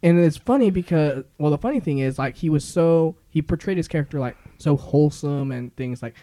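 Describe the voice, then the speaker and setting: A man's voice: on the high side, fairly quick, mellow, dry recording. A man co-hosting a podcast, talking in a rambling, filler-heavy way and laughing often. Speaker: podcast co-host. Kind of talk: casual chat.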